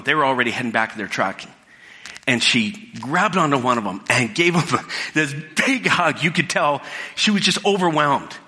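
A middle-aged pastor with a sharp, mid-range voice preaches a sermon in a casual storytelling style, often restarting his sentences. It was recorded in a church hall with long reverb.

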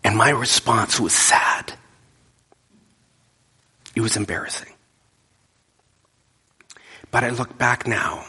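Male preacher, lowish husky voice, long hall reverb, intense with whispered drops. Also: slow, long pauses. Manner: emphatic, drops to hushed whispers. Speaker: pastor. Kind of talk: sermon.

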